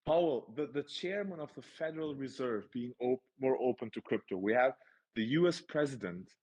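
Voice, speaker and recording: Male co-host, mid-pitch, hesitant, stammers and checks for agreement. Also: expressive, normal speed, a little mellow. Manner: hesitant, stuttering restarts, seeking agreement. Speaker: market analyst stream co-host. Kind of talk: casual livestream chat.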